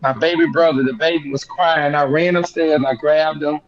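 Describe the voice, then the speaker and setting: A young man telling a painful family story in an interview, halting and repeating himself, his voice rising when he relives the shock. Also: on the high side, steady tone, muffled recording. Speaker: guest singer.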